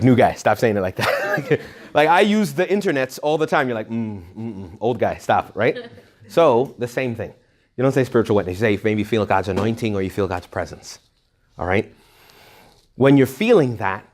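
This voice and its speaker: A man giving a retreat talk to young adults, speaking conversationally, joking and often checking in with his listeners. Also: medium pitch. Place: retreat hall.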